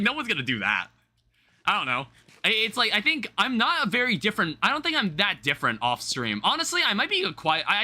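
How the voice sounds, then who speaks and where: A man's voice: on the high side, pushed and bright. A young man rambling through casual live-stream chat, swearing offhandedly as he talks to viewers from home. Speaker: livestreamer.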